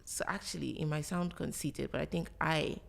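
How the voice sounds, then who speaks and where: A woman hosting a podcast in casual conversation, self-assured and animated, laughing often. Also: low voice, normal speed, gravelly. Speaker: podcast host.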